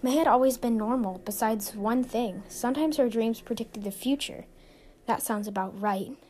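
A woman's voice: a little high, moderate pace, a little mellow, slight background noise. A woman hosting a show, narrating a scripted suspense story in an earnest, suspenseful way. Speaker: storyteller and podcast host. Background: music.

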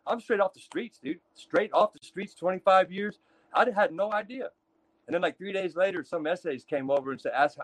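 A man with a high-pitched voice from Texas spins rough prison stories, swearing freely and acting out each character. The sound is dry and close, with no room around it. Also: fairly quick, no echo. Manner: profane, animated storyteller acting out other inmates. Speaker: guest telling prison stories. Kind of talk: casual storytelling.

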